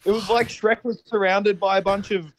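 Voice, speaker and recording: A man recounting a film plot in rambling, animated casual chat, swearing freely. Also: high voice, normal speed, no echo.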